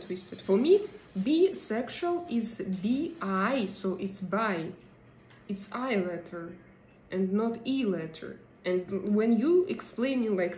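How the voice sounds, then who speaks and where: A woman hosting a live stream and chatting with viewers, hesitant and pausing often as she searches for her English words. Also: a little high, darkish tone, roomy sound, a little hiss or hum, low-quality recording. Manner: hesitant, many pauses and fillers while searching for English words. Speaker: livestream host. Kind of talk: casual live chat, answering viewer comments.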